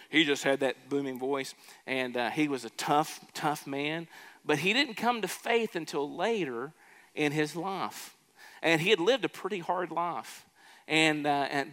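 A man preaching with a bright, forceful, somewhat high voice that swells with emphasis and doubles back on his words. His sermon rings out in a big room with a long reverb trailing each phrase. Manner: earnest preaching with rising emphatic swells and repeated restarts. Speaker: pastor.

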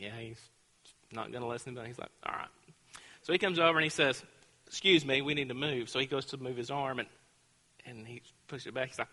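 A man's voice: mid-range voice, bright, forceful tone, big-room sound. A man preaching a sermon, telling a school story with acted-out voices before building to fervent preaching. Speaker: pastor.

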